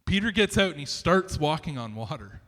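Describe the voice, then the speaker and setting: Male pastor, high bright voice, chatty animated sermon delivery, reverberant church hall. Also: normal speed. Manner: animated, conversational preaching with many restarts and asides. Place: church sanctuary.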